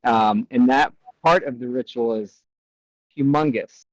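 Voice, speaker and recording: A man's voice: medium pitch, unhurried. An American man co-hosting a casual podcast, with a voice in an ordinary middle range. He thinks aloud with fillers and jokes easily, recorded close and dry with no room echo. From United States. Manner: reflective, joking, hesitant with fillers. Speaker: podcast co-host. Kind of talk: casual chat.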